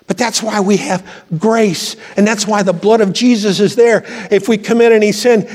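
A pastor preaching a sermon to his church, fervent and swelling to high exclamations. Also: fairly even intonation, moderate pace, few pauses, darkish tone. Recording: long reverb from a church hall.

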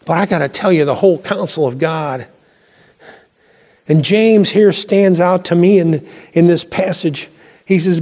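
A pastor preaching a sermon to his church, fervent and swelling to high exclamations. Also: animated, unhurried, darkish tone. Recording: long reverb from a church hall.

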